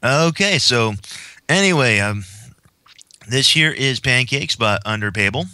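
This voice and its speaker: Chatty podcast host with a bright voice. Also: male voice, medium pitch, expressive, a little slow, no echo. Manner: rambling, chatty. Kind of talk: casual podcast chat.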